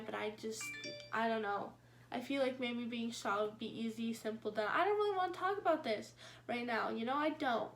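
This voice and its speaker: A woman's voice: a little high, fairly bright tone, slight background noise. Rambling young woman telling a story. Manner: rambling, filler-heavy, swearing casually; wry self-mocking. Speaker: vlogger. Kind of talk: casual storytime.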